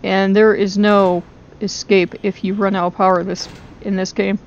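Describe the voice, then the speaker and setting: A woman commenting on her own horror game playthrough into a close microphone, excitable and quick to shriek and laugh. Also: mid-range voice, muffled recording. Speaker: gaming video host. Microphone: close desk microphone.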